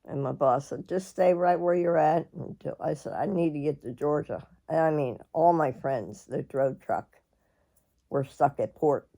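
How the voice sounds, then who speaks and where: A middle-aged woman, telling a personal story in a rambling, halting way, often clearing her throat. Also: low voice, dark tone. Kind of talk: casual storytelling.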